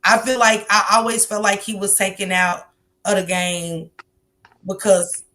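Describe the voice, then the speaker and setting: A woman host talks casually on a livestream, circling her point with fillers. She often drops in soft murmurs of agreement while her guest speaks, and her pitch sits in the middle for a woman. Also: steady tone, unhurried. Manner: frequent affirming murmurs, rambling with fillers. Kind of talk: casual chat.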